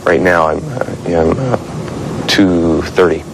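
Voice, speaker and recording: Comic male interviewee, low and animated, noisy old tape. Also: slow pace, creaky. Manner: self-mocking, comic. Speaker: interviewed actor. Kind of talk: joking interview.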